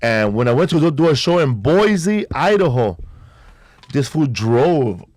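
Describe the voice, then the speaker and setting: Laid-back podcast host, dry sound. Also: male voice, big pitch swings, measured pace, darkish tone, no echo. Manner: laid-back storytelling, slangy, low-key delivery. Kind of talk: casual podcast chat.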